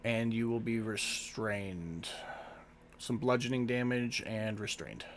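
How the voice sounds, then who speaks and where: A man speaks as game master in a slow, unhurried way, narrating dice results. A faint hum sits under his voice. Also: lowish voice.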